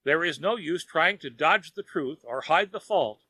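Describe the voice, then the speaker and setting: A man's voice: on the high side, expressive, measured pace, sharp tone, no echo, exaggerated voice. A man voicing a miserly, desperate old man who wails and pleads frantically. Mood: pleading. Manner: frantic, begging.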